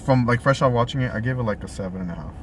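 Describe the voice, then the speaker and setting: A young man giving a quick, blunt film rating in casual chat from a car, swearing freely. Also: medium pitch, a little hiss or hum. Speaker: co-reviewer.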